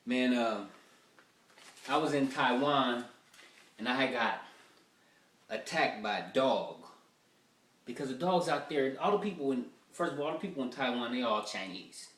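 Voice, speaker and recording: A man's voice: medium pitch, animated, normal speed, long pauses, fairly bright tone. A male comedian telling stories in a profane, rambling, casual way, recorded from a distance in a roomy space. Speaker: stand-up comedian. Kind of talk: stand-up storytelling, rough draft. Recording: roomy sound from a distant mic.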